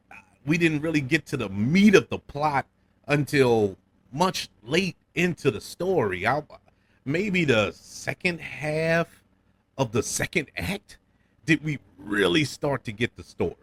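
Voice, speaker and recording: A man with a New Orleans accent talks through a movie review in a loose, conversational way. His pitch swings widely and lively as he goes. He stammers on repeated words and laughs now and then. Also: a little slow. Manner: animated, repeats words when restarting, chuckles often. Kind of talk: casual film review.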